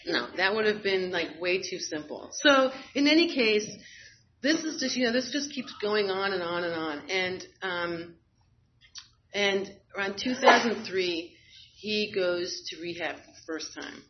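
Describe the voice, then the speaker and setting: A guest with a medium-pitched voice tells a personal story, animated but a little slow. She's frank and wry, using fillers and bursting into laughter. There's faint noise, and the sound is slightly dull.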